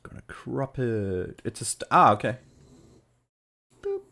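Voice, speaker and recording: This man, a co-host on a laid-back tabletop wargaming stream, chatters playfully to himself as he works at a computer. He speaks at a moderate pace with a medium pitch and a creaky, sharp-toned voice.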